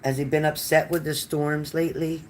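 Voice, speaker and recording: Over slight background noise, a psychic card reader with a level, mid-range voice speaks at a moderate pace. Answering comments in a casual live-stream reading, she's chatty and warm, greeting viewers by name and calling them honey, with frequent fillers and restarts.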